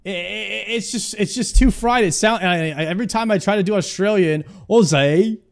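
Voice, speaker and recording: A man's voice: high-pitched, normal speed, creaky. A man streaming, chatting casually as he reacts to a video, rambling and stumbling over himself in a self-mocking way. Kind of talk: casual chat.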